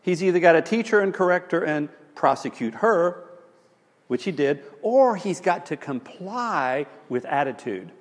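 A man's voice: a little high, a little slow, long reverb tail. A man teaching about marriage conflict, telling stories with wry asides. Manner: animated, storytelling, wry asides.

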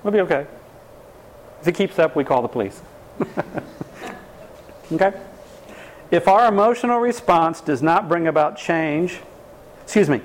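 Man, class lecturer, emphatic and animated, voice on the high side. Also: low-quality recording. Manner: animated, emphatic teaching with rhetorical questions. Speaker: relationship class teacher.

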